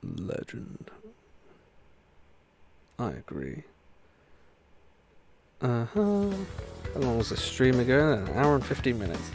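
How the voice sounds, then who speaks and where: A man's voice: mid-range voice, big pitch swings, brisk, few pauses. A man streaming a racing game live, chatting in a rambling way and laughing often as he plays. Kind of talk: live gameplay commentary. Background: racing game music.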